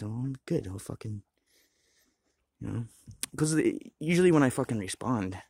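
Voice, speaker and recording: Low-voiced, rambling, profane man. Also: moderate pace, gravelly, long pauses, mellow, slightly rough, dry recording. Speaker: vlogger. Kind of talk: rambling casual monologue.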